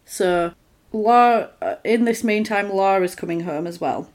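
In a mid-range voice, a talkative woman chats through a film recap, slipping into quick put-on voices to act out lines. Her retelling is animated and conversational, full of fillers and restarts.

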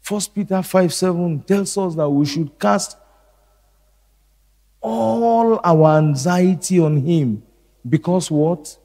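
A middle-aged male pastor preaching a sermon slowly and deliberately, repeating key phrases. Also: sits high, vocal fry, mellow, in a large hall.

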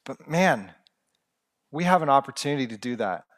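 A man's voice: medium pitch, animated, moderate pace, a bit bright. A young man preaching a sermon in an earnest, conversational way with humorous asides.

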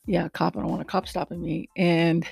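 A woman vlogger chatting casually to her viewers in a rambling, animated way about her pet peeves. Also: on the low side, fairly quick, vocal fry, husky, dry recording. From lives in Texas. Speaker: vlogger and rideshare driver. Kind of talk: casual chat to camera.

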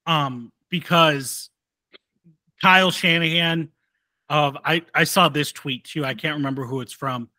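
Bright-voiced joking man on a podcast. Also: on the high side, measured pace, no echo. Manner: joking, storytelling, swears. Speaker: podcast co-host. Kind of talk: casual sports chat.

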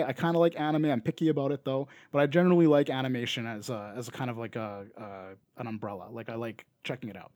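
Canadian guy, young, podcast co-host; easygoing rambler, middle pitch, dry studio sound. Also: a little mellow, no room sound. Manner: rambling, many fillers and restarts. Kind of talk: casual chat.

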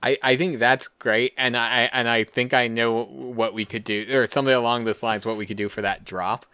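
A male podcast co-host thinks aloud in casual chat, often pausing as he searches for words. His voice is bright, and the recording is dry and close. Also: mid-range voice, steady tone, clear, resonant tone, no room sound.

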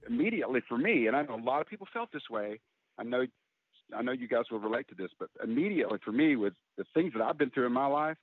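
A middle-aged man talks openly and earnestly as an interview guest, pausing and restarting as he goes. His voice sits in an ordinary middle range. The sound is narrow and phone-like, with no room around it. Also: medium pitch, lively intonation, no echo. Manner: open, earnest, halting. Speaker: guest, country singer. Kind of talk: candid interview talk. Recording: tinny phone-like line, dry.

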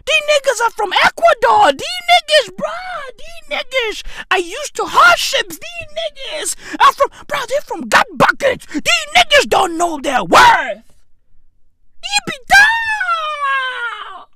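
A woman delivering a loud, mocking comedic rant about football. She often shouts and laughs. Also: very high voice, very animated, unhurried, hardly any pauses.

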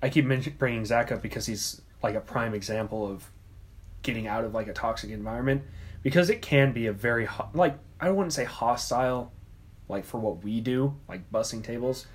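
A young man with a slightly husky voice, talking casually among friends. He rambles, padding his talk with "like" and "I mean." He sounds relaxed and unhurried. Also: mid-range voice. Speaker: restaurant busser.

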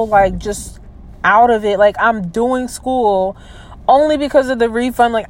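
A young woman in her twenties who talks through her feelings, stopping and restarting with lots of fillers. Her voice sits a little higher than most women's. She sounds down and emotional, as if close to tears. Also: low-quality recording. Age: 20s. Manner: hesitant, many fillers and trailing restarts. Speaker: vlogger. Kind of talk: personal venting vlog.

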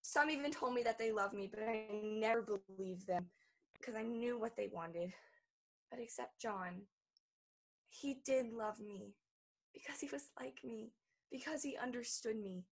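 An actress playing a childlike grown woman who pleads with her stern mother in an earnest, halting way. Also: a little high. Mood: pleading. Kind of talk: stage drama acting.

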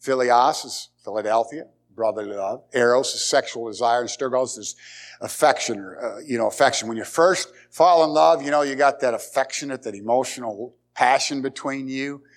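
A man's voice: mid-range voice, moderate pace. A man preaching a sermon as pastor, emphatic, repeating key words and asking the congregation rhetorical questions.

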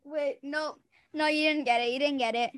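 High-voiced excitable young woman podcaster. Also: normal speed. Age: young adult. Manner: excitable, giggly. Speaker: podcast host. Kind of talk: casual podcast chat.

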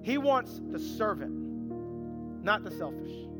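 A man's voice: high voice, big pitch swings, takes it slowly. A man preaching a sermon as a pastor, earnest and emphatic, acting out quoted voices and repeating phrases for emphasis. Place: church sanctuary. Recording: reverberant church hall with band music.

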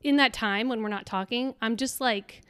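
A woman's voice: fairly high pitch, moderate pace, fairly bright tone, smooth, dry recording. A young adult woman co-hosting a podcast, telling a story in casual chat and acting out the quotes. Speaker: podcast co-host.

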